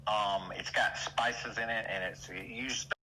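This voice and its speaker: Southern guy rambling about food on a stream, bright voice, faint hiss behind. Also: lowish voice, normal speed, rough recording. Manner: folksy, rambling, lively storyteller. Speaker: stream regular. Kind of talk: casual voice chat.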